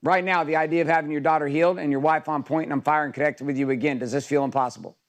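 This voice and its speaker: A man's voice: fairly high pitch, fairly even intonation, racing. A man coaching a group in an intense, emphatic motivational talk, swearing freely.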